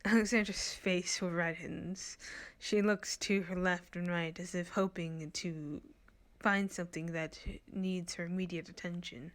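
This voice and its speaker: A woman's voice: lowish voice, fairly even intonation, a little slow, a bit bright. A woman reading a story game aloud with giggly asides between the lines.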